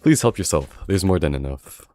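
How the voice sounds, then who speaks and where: A man reading the lines of a composed, elegant young woman who hosts a meal, in his own deep voice with polite, formal delivery. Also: expressive, moderate pace, darkish tone, faint music behind. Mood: gracious.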